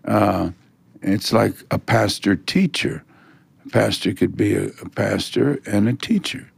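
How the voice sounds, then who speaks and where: A man, a guest pastor, explaining church offices in an interview with a measured, explanatory manner. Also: on the low side, dry recording. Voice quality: gravelly, husky. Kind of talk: teaching in interview.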